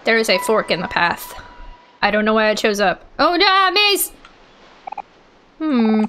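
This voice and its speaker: A woman hosting a let's play, thinking aloud in a chatty, unsure way and often yelling out in excitement. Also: medium pitch, normal speed, a little hiss or hum. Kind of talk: gaming commentary. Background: game music.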